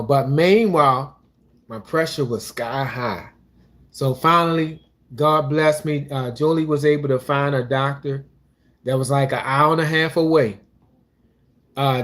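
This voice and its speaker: Rambling man with a raised voice. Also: fairly high pitch. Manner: rambling, with restarts and religious asides. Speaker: co-host of a couples channel. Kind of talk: casual personal talk.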